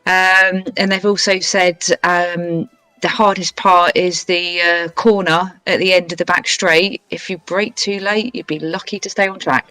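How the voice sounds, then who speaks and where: A woman co-commentating on a sim race in a relaxed, conversational way. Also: fairly low pitch, measured pace, dry recording, low-quality recording. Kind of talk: casual race commentary chat.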